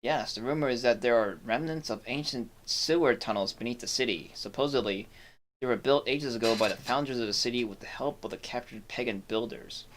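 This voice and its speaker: A gruff, weary sheriff of a fantasy city, read aloud by a man playing the game. He plods through his lines stiffly, tripping over words now and then. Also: medium pitch, a little fast, fairly bright tone, a little hiss or hum, natural voice.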